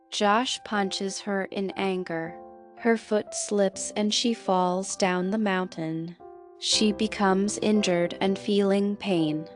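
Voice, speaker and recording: A woman reading a scripted film recap narration in a slow, measured way, walking through plot events and quoted lines. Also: mid-range voice.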